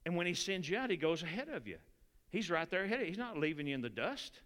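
A man preaching a sermon in a church, animated and folksy, repeating phrases. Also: sits high, fast. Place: church sanctuary. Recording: church hall reverb.

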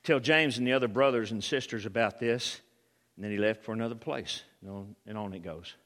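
A man preaching a sermon, acting out reactions with sudden shouts. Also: fairly low pitch, a little fast, long reverb tail.

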